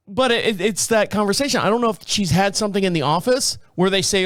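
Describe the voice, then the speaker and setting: A man's voice: sits high, quick pace, few pauses, a bit bright, no room sound, studio quality. Foul-mouthed middle-aged man rambling casually. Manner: foul-mouthed, laughs often, acts out quotes. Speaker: podcast host.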